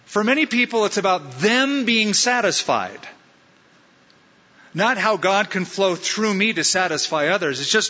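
A man's voice: sits high, animated, unhurried, sharp tone. A man preaching a sermon as pastor, driving his points home with punchy repetition and rhetorical questions to the congregation. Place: church sanctuary. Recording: reverberant hall sound, slightly dull.

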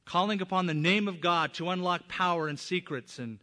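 Emphatic preacher in a reverberant hall. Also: male voice, sits high, normal speed. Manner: emphatic, rising to loud stresses on key words. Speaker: pastor. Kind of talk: sermon.

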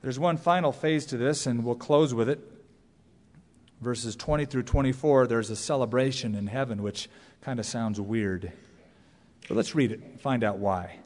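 A man preaching a sermon as a pastor, emphatic and rising to high cries on key words. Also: moderate pace, darkish tone. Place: church sanctuary. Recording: long reverb of a large hall.

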